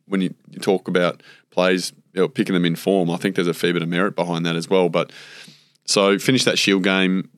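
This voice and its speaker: This low-sitting male voice belongs to an ex-cricketer from Australia who wanders through stories as an interview guest, leaning on fillers and performing the lines he quotes. It's a relaxed storytelling chat, captured in clean studio sound without echo.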